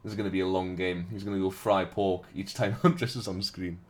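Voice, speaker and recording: A man's voice: low-pitched, fairly even intonation, brisk. A man streaming a game live, reading its narration aloud dramatically between jokey, profane banter with chat.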